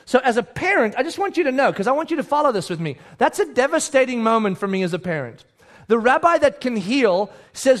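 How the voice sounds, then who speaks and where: A middle-aged man preaching a sermon, telling the story animatedly and acting out the people in it, with sudden quiet asides. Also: extremely high pitch, sing-song, fairly quick. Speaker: pastor.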